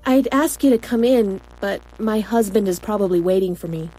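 A woman's voice: mid-range voice, normal speed, mellow, lightly acted, poor audio. An actress voicing a blunt, flirtatious woman in an audiobook, with dry, frank humor. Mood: teasing. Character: wry adult woman amputee, blunt and flirtatious. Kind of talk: audiobook dialogue.

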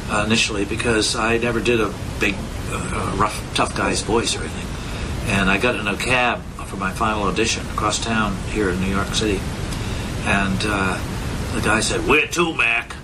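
A man in his seventies, a puppeteer, answering interview questions in a halting way with many fillers. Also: on the low side, fairly even intonation, heavy background noise. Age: 70s.

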